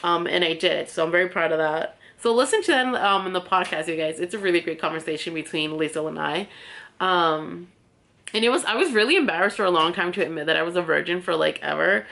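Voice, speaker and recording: A young woman with a slightly low voice talks casually through a get-ready-with-me story time. She is candid and chatty and leans on "like" as she goes. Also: brisk, gravelly, a bit bright. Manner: chatty and candid, heavy use of "like" fillers. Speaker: beauty vlogger and podcast host.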